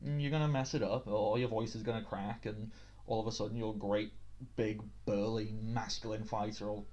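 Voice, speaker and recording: A British man with a lowish, darkish voice offers tabletop game master tips in a casual tips video, speaking at normal speed with a steady tone. He's chatty and self-deprecating, and the recording is dull and lo-fi.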